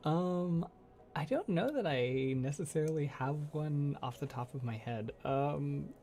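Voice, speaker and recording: A man who makes ASMR content, hosting a casual livestream chat, soft-spoken and rambling, laughing often as he answers chat. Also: on the high side, animated, measured pace.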